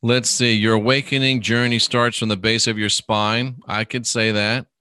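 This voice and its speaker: A man hosting a live podcast, reading viewer comments and answering questions in an unhurried, conversational way, often trailing off softly at the ends of phrases. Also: mid-range voice, flat delivery, clear, resonant tone, dry recording, clean studio sound. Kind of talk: casual live podcast chat.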